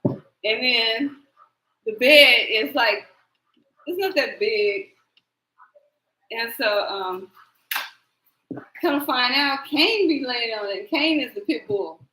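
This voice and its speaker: Animated high-voiced woman chatting on a live stream. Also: slow, long pauses, roomy sound, low-quality recording. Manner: animated storyteller, laughs often, swears. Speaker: tarot reader hosting live stream. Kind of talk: rambling live-stream chat.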